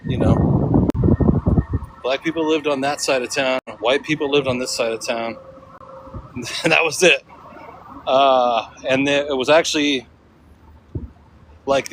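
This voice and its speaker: A man's voice: mid-range voice, fairly bright tone, a little hiss or hum, poor audio. Chatty man livestreaming from the street. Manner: chatty, talks to viewers and off-camera people, thinks aloud. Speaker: livestream vlogger. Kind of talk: casual walking livestream chat. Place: outdoors on city streets, riding in a vehicle.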